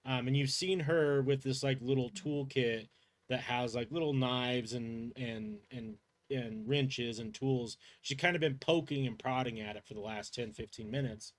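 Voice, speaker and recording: A man's voice: mid-range voice, a little slow. A man running a tabletop role-playing game as game master, narrating in a loose, rambling way full of fillers.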